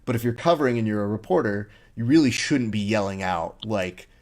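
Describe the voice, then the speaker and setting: A man with a lowish voice hosts a casual interview podcast, talking briskly and telling stories with energy. He's an animated storyteller who acts out the lines he quotes.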